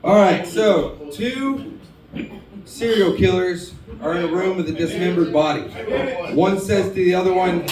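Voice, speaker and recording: Heard from far off in an echoey bar full of people, this comedian delivers drawling, self-mocking jokes into a handheld stage mic. He speaks in a high-pitched voice at a slightly slow pace.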